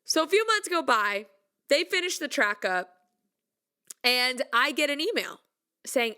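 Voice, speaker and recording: A young woman from the United States, a singer, telling a funny story in a casual vlog with animated, mock-dramatic delivery. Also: sits high, unhurried, long pauses, clear, resonant tone.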